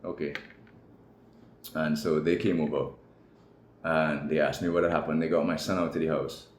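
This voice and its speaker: Deep-voiced man telling a candid story. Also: flat delivery, moderate pace. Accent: Trinidadian. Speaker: guest. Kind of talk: personal story in an interview. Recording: echoey room with faint noise.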